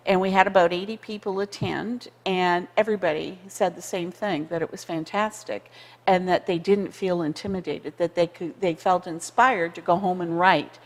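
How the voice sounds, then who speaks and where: A woman in her sixties or older from Canada, a conference co-founder telling stories in an animated TV interview and acting out quoted voices. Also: on the low side, normal speed, long reverb tail. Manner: lively, acts out quoted voices, laughs often. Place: community TV studio.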